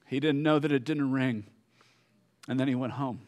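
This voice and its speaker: Guy preaching a sermon, tells it like a story, lots of uhs and pauses, goes quiet at the heavy parts. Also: mid-range voice, steady tone. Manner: storytelling, pausing with fillers. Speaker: pastor.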